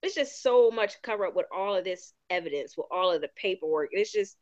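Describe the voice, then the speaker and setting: A woman with a Baltimore accent, chatting animatedly and incredulously as a podcast co-host. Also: medium pitch. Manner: animated, incredulous, quick asides. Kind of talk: casual chat. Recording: slightly muffled lo-fi audio.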